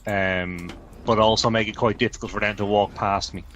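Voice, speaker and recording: Male tabletop player, lowish voice, hesitant, thinking aloud, faint hiss. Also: fairly even intonation, moderate pace, fairly bright tone, dull audio. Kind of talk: casual game chat.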